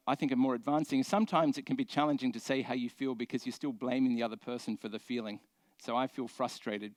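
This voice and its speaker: A man's voice: medium pitch, dry recording. A man giving a conference talk from a stage, speaking conversationally with many fillers and restarts.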